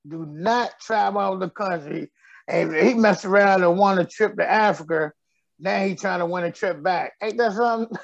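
Gravelly joking comedian, quick laughs. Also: male voice, sits high, no room sound, highs cut off. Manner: laughs often, loose storytelling delivery. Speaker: comedian guest. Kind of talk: joking radio interview chat.

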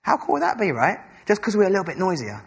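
A young English man preaching a sermon at a church service, excitable and rambling, restarting his sentences. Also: sits high, quick pace, gravelly, slightly rough. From England.

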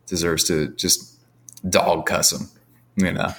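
A man with a fairly low voice trades wry, joking banter as a podcast co-host. His delivery is loose and conversational. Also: little pitch movement, takes it slowly, vocal fry, a bit bright. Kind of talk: casual sports podcast chat.

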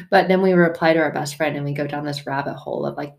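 A woman's voice: deep voice, fairly even intonation, brisk, creaky. A woman hosting a faith podcast, talking frankly and from the heart, swearing casually in a conversational way. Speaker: podcast host. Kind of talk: candid faith podcast talk.

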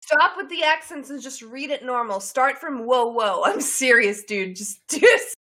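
Bright, slow-talking exasperated woman. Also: high-pitched, expressive. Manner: exasperated, bossy interjections. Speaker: podcast co-host. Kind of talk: casual banter.

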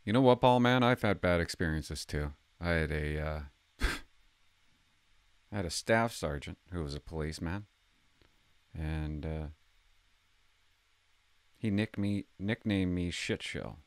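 An older man hosting his own video channel, talking casually in a rambling, self-conscious, halting way. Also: sits low, clear, resonant tone, dry recording. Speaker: channel host. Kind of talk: casual vlog chat.

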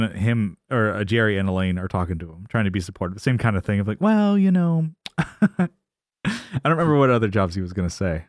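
A man with a low-leaning voice co-hosts a casual podcast, recorded in clean studio sound without room noise. He gives an animated recap of a sitcom episode, acting out characters' lines and laughing as he goes.

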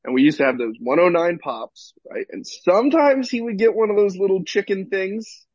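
A man co-hosting a podcast, an animated storyteller in casual chat who swears freely. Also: high voice, normal speed, husky, no room sound, highs cut off. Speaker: podcast co-host.

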